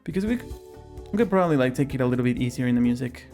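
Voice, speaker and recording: A man's voice: medium pitch, lively intonation, very fast, mellow, faint music behind. A man streaming himself playing a game, chatting casually and haggling jokingly with the characters on screen. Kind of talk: casual live-stream commentary while gaming.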